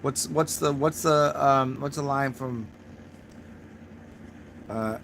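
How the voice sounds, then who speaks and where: A young man with a mid-range voice hosts a casual livestream, taking it slowly over a noisy background. Slightly drunk, he rambles and swears as he answers his chat, laughing at his own jokes.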